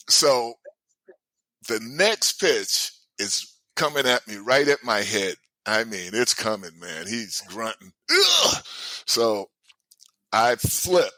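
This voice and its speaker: A man in his sixties telling stories as a guest in a casual chat, animated and often laughing. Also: medium pitch, no room sound. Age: 60s. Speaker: guest, former baseball player.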